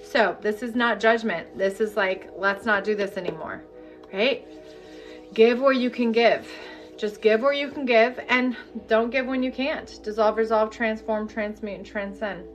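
A woman energy healing coach leading a live-streamed session, talking candidly and bluntly, then turning to slow, repeated guided affirmations. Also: fairly high pitch, fairly even intonation, faint music behind. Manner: candid, chatty and profane, then slow incantatory guidance.

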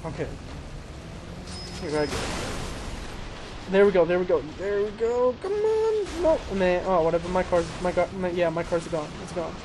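A man casually commentating his own racing gameplay, excitable and self-mocking, talking to himself as he plays. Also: high voice, normal speed, long pauses. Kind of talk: casual let's-play commentary. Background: engine noise and crashes from the game.

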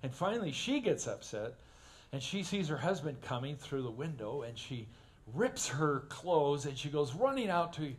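A man preaching a sermon, telling stories in a folksy way and getting animated when he acts them out. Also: fairly high pitch, normal speed. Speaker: pastor. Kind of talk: sermon with humorous storytelling. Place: church sanctuary.

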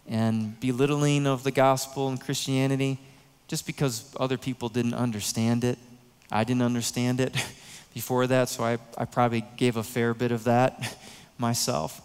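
A male pastor delivers an earnest, emotional sermon with soft, hushed pauses. His voice is smooth and resonant at a middle pitch. A long reverb from the church sanctuary trails each phrase.

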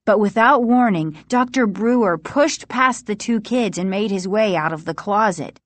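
A woman reading a spooky children's story aloud, in slow, expressive narration. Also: mid-range voice, dry recording. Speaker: audiobook reader.

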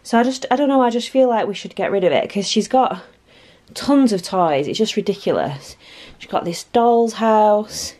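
A woman's voice: medium pitch, expressive, moderate pace, darkish tone. A woman, chatting casually and rambling while filming her home on a handheld phone. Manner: chatty, rambling, self-deprecating. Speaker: vlogger. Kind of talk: casual home vlog chat. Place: family home, indoors.

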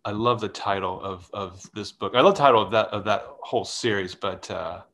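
A man's voice: lowish voice, fairly even intonation, a little fast, fairly bright tone. A man hosting a library author visit over a video call, enthusiastic and eager, with loose fillers. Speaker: library host.

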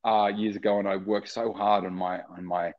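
An Australian actor in casual interview chat, rambling with many restarts and fillers. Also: male voice, on the low side, little pitch movement, a little fast, muffled recording. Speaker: actor guest.

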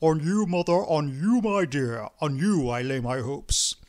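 A man's voice: a little high, a little slow, a little mellow, lightly acted. A man doing a fawning, crafty ragged priest. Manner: pleasant-voiced, fawning and stubborn.

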